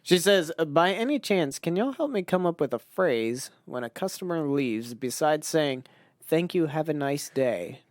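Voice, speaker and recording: A man's voice: on the high side, lively intonation, normal speed, dry recording, studio quality. A man co-hosting a comedy podcast, cracking jokes and laughing often. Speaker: podcast co-host. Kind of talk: casual podcast banter.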